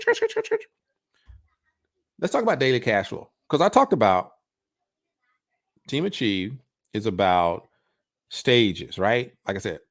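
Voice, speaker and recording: A man coaching on a livestream, talking casually to his audience, repeating words and firing off rhetorical questions. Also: fairly low pitch. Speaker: coach hosting a livestream on passive income.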